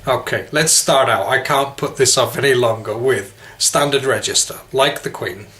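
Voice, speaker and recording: A man's voice: mid-range voice, normal speed, a bit bright. A man with an English Midlands accent, an English teacher talking casually to camera in a rambling, self-deprecating way.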